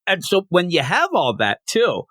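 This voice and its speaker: Excitable man recapping a comic. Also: moderate pace, no echo. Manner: animated, acts out quotes with big pitch jumps. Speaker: comic book reviewer, co-host. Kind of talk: casual review chat, retelling the plot.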